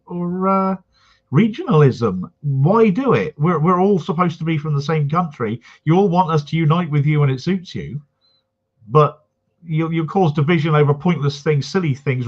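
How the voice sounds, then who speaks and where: Indignant man on a lo-fi call. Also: fairly high pitch. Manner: earnest, indignant, many restarts. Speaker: guest commentator. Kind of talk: remote political chat.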